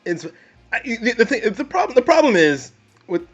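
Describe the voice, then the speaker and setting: A man co-hosting a casual movie review podcast, animated, restarting his sentences often. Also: extremely high pitch, normal speed, breathy edge, highs cut off, faint music behind. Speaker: podcast co-host.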